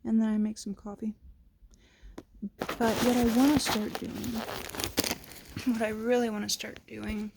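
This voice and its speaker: A woman's voice: a little high, flat delivery, vocal fry, darkish tone, slight background noise. A woman vlogging casually to camera, reflective and candid, with a fresh-from-sleep morning voice. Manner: slow, reflective, casual with swearing.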